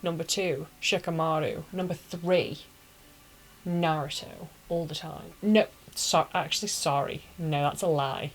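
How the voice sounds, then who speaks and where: A woman's voice: sits low, steady tone, unhurried, rough recording. A woman casually retelling an anime story as a reviewer, emotional and gushing, with dramatic little asides.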